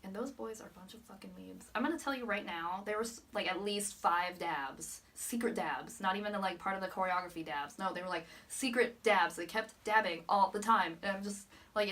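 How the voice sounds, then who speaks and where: A woman's voice: mid-range voice, moderate pace, hardly any pauses, a bit bright, far from the mic. A young woman recapping a fan meet in a vlog, gushing, swearing a lot and laughing often. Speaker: vlogger.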